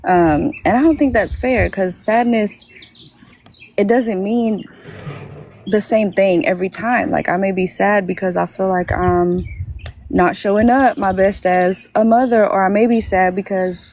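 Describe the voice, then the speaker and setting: A young woman chatting on a podcast at a middle pitch. She talks hesitantly, trailing off and restarting with lots of "um" and "like". It sounds like relaxed conversation with a friend. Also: unhurried. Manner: hesitant, many fillers and restarts. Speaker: podcast guest. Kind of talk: casual conversation.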